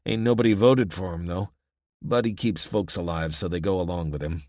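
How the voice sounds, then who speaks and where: A man's voice: sits low, moderate pace, a little mellow, dry recording, studio quality, lightly acted. A man voicing a wary, blunt rural male mechanic who talks in a folksy, grim way.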